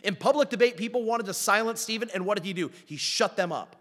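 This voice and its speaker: A man preaching a sermon as a pastor, animated and full of rhetorical questions, with wry self-deprecating asides. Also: high-pitched, fast. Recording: long reverb of a large hall.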